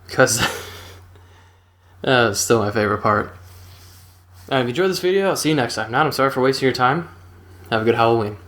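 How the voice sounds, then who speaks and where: A man's voice: medium pitch, a bit bright. A young man casually retelling a funny personal story in a laid-back, rambling way, chuckling now and then.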